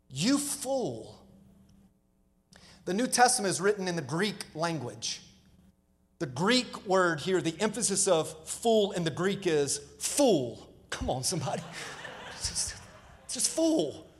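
A male pastor preaching a sermon, emphatic, calling out to the congregation for responses. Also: high-pitched. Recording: live sermon with long hall reverb.

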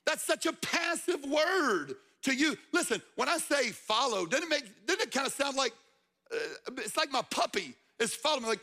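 A man's voice: very high-pitched, sing-song, normal speed, bright, forceful tone. A man preaching a conversational sermon in church, stressing points by repeating words and asking the crowd questions. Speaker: guest preacher, football coach.

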